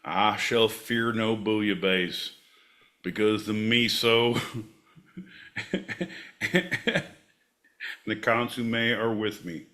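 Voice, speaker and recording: A man's voice: fairly low pitch, fairly even intonation, very slow, pauses often, pushed and bright. A man co-hosting a comedy podcast, theatrical and mock-solemn, slipping into mock-infomercial patter. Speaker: podcast co-host.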